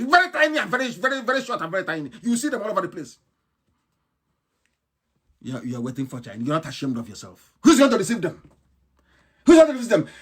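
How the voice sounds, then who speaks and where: A man giving an impassioned live broadcast speech, ranting with scorn, firing rhetorical questions and breaking into shouts. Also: high voice. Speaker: political activist broadcaster.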